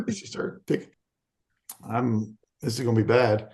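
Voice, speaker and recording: A man's voice: on the low side, level tone, normal speed, gravelly, darkish tone, a little hiss or hum. A middle-aged man from Arkansas, a podcast guest telling a candid story and acting out the quoted voices in it. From Arkansas, USA.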